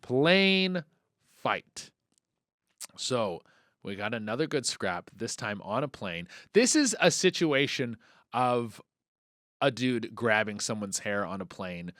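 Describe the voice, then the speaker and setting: A young man hosting a comedy podcast, riffing in a profane, animated way that swings between mumbled asides and loud bursts. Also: on the low side, dry recording, clean studio sound. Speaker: podcast host. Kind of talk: casual comedic monologue.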